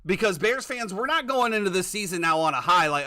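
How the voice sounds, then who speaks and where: A man's voice: high-pitched, lively intonation, moderate pace, sharp tone. A man hosting a casual sports talk podcast, ranting with plenty of profanity. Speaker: podcast host.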